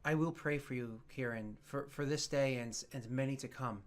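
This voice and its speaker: A man voicing a formal, patient bishop of a church in a tabletop game, speaking in a measured, halting way. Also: mid-range voice, lightly acted. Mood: solemn.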